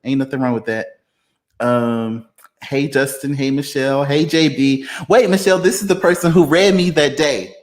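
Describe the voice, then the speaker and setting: A man hosting a casual livestream chat, reading viewer comments aloud, laid-back and quick to laugh, a little tipsy after a few beers. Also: mid-range voice. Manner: laid-back, laughs often, drawn-out fillers. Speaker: livestream host.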